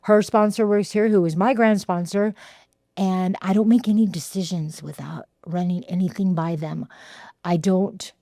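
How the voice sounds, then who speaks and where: A woman, telling her recovery story in a halting way with repeated words and fillers. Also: fairly low pitch, steady tone, warm tone, dry recording, clean studio sound. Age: 60s. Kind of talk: heartfelt personal testimony.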